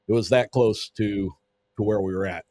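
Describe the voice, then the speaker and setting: A man's voice: on the low side, fairly even intonation, moderate pace, darkish tone, slight background noise. A man telling a story in casual conversation as a podcast guest, vivid and swearing freely, acting out what people said.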